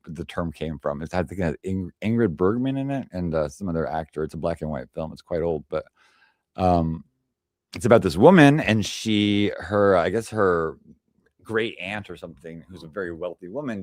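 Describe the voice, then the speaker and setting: Low-voiced guy rambling through a stream slideshow, snarky, dry close mic. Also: no echo. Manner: rambling, sarcastic, with frequent restarts. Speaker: livestream panel host. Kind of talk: rambling livestream presentation. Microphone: desk microphone on a stream.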